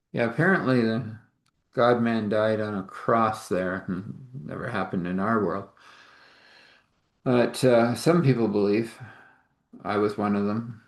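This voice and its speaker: Man narrator, lowish voice, halting improvised storytelling with acted-out dialogue, echoey room. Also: vocal fry. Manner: rambling, halting, acts out dialogue in shifting voices.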